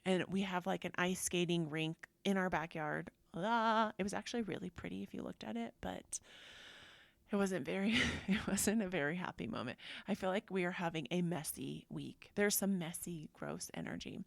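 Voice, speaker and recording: A woman hosting a podcast, telling personal stories in a chatty, animated way and acting out what people said. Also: lowish voice, moderate pace, creaky, no room sound. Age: adult. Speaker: podcast host. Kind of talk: casual personal storytelling.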